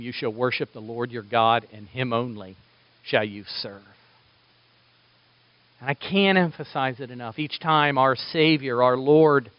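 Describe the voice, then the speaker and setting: Male pastor, sermon, fairly high voice, dynamic emphasis, dull dry recording. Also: no room sound. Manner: animated, rising emphasis and sudden soft drops.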